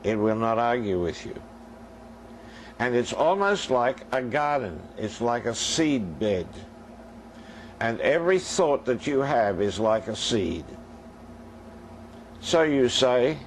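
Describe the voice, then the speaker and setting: An older man preaches a sermon, his voice gravelly and his pitch rising and falling with lively movement. He tells stories and acts out their conversations as he speaks straight to the congregation. A faint hiss of noise sits behind him. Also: takes it slowly, long pauses, low-quality recording. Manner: storytelling preacher acting out dialogue, addressing the congregation directly. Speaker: minister.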